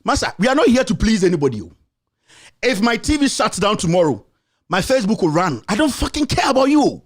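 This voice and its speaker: Ranting Ghanaian man, very high voice. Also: very animated, brisk. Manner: scolding, repetitive, insulting. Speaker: political commentator and show host. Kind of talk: angry political rant.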